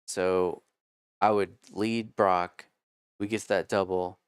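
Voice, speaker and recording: Low, smooth-voiced man telling race stories. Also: slow pace, no room sound, clean studio sound. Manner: animated, swears freely, acts out quotes. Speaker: podcast guest telling racing stories. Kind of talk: casual storytelling.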